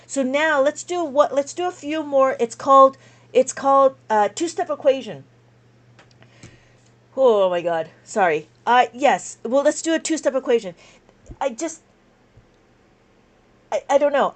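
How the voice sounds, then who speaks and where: A woman abacus teacher chatting on a live stream, rambling and exasperated, with many restarts. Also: sits high.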